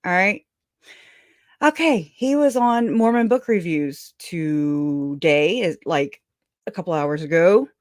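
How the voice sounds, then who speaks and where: A woman's voice: mid-range voice, a little mellow, dry recording, clean studio sound. Fired-up, swearing woman host. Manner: fired-up, profane, laughing, halting restarts. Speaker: livestream host. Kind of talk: angry commentary livestream.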